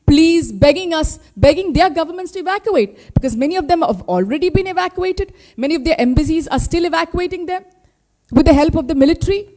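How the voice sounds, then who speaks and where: A woman with an Indian English accent speaks at a press briefing, her voice pitched noticeably high. She presses her points with one pointed rhetorical question after another, speaking as a spokesperson for her party. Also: darkish tone. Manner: impassioned, full of rhetorical questions. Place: party headquarters press room.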